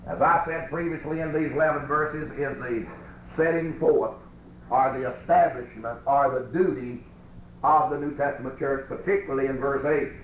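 A man preaching a sermon and reading scripture aloud in a church, with slow, emphatic, drawn-out phrasing. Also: mid-range voice. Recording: echoey room with faint background noise.

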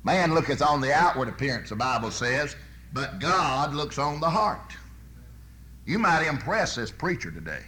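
A man preaching a sermon, telling folksy stories and swinging from loud bursts to soft, low asides. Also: big pitch swings, moderate pace, slight background noise.

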